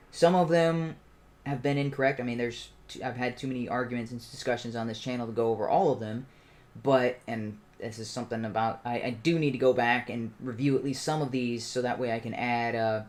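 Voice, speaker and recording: A man's voice: medium pitch, a little mellow. A man hosting a livestream, giving an impassioned, argumentative commentary monologue. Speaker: channel host.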